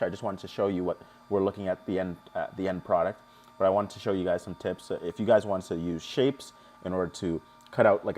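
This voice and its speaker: A young man hosting a live stream, his voice sitting a little low. He talks viewers through the steps in a loose, chatty way, cracking jokes and answering the chat as he goes. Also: a little mellow. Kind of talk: casual live tutorial.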